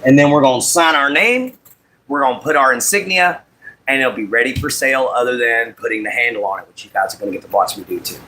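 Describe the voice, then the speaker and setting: A man's voice: medium pitch, fast talker, bright, forceful tone, a little hiss or hum. A man hosting a casual livestream while making a walking stick, greeting viewers by name and apologizing about his audio. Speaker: livestream host.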